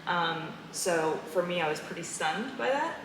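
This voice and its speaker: Interview guest: woman with a low-pitched voice, animated storyteller, recorded in an echoey noisy room. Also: measured pace. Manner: animated storyteller, laughs often. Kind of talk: casual interview conversation. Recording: echoey room with clear background noise.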